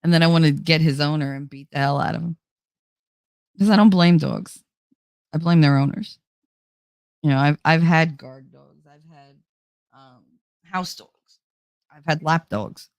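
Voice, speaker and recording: A woman's voice: low-pitched, a little slow, pauses often, darkish tone, no echo. A woman hosting a livestream, chatting casually with her viewers in a blunt, outspoken way and swearing freely. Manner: blunt, swears freely, talks straight to chat. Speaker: livestream host reading chat. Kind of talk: casual chat.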